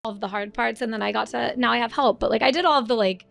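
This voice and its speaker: A woman's voice: fairly high pitch, fast talker, creaky, fairly bright tone, dry recording, faint music behind. A woman talking casually in an interview, with a Valley Girl drawl and lots of fillers.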